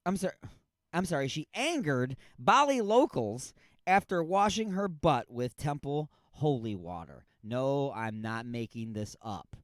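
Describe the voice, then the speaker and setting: A man's voice: mid-range voice, big pitch swings, measured pace, no room sound, clean studio sound. A man hosting a radio show, riffing on odd news stories in a rambling, mock-outraged way.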